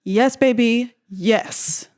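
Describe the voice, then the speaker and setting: A woman's voice: a little high, extremely slow, a little mellow, no room sound. A young woman chatting and giggling as she makes a beat in her home studio, talking to herself and to viewers. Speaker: beatmaker making a track on camera. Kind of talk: casual chat while making music.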